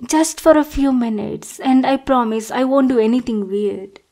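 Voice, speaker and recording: A woman's voice: a little high, normal speed, mellow, lightly acted. A young woman performing a whispered role-play as an obsessive, adoring intruder, sweet and clingy, calling the listener darling. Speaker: ASMR performer.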